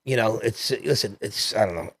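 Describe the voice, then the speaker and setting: A man in his fifties with a New York accent, a podcast guest telling rambling, animated stories from his childhood in a casual chat. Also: fairly low pitch, normal speed, no room sound. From New York City. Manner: animated, rambling anecdotes with restarts.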